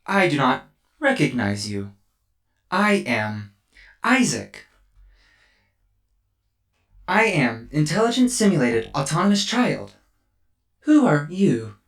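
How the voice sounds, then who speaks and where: A man voicing a small, bubbly robot child who speaks in flat, literal, formal phrases. He is a game master playing this figure in a tabletop game. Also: fairly high pitch, slow, pauses often, pitched above the performer's own voice, exaggerated voice. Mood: curious. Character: cheerful small robot child, blunt and curious.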